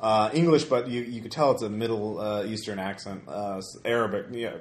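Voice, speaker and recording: A man's voice: fairly low pitch, steady tone, a little fast. Man running a tabletop game. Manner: loose narration with many ums and uhs. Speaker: game master. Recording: roomy echo.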